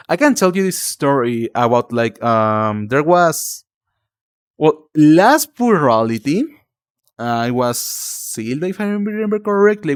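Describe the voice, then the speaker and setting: On his livestream, a young Mexican man chats loosely with viewers, filling his rambling with fillers and calling everyone darling, in the Mexican Spanish accent of a native Spanish speaker. His medium-pitched voice sounds clean, captured in a dry, studio-quality recording.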